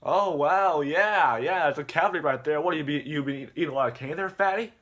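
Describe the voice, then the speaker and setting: A man's voice: on the high side, brisk, fairly bright tone, voice pushed up, close to an everyday voice. A man voicing a boastful middle-aged guy who rambles through jokes about his wife. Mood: gleeful. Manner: brash, rambling punchlines.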